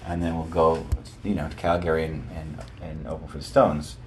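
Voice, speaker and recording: Deep-voiced man telling road stories. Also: moderate pace, soft background music. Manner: animated, rambling, lots of restarts. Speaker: guest musician. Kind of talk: casual interview storytelling.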